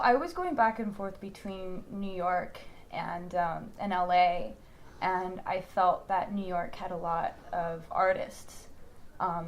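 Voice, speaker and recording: A woman's voice: fairly low pitch, slight background noise. A young woman from Houston, Texas, an actress talking casually in an interview, telling stories with lots of fillers and laughs. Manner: animated storyteller, many fillers and laughs.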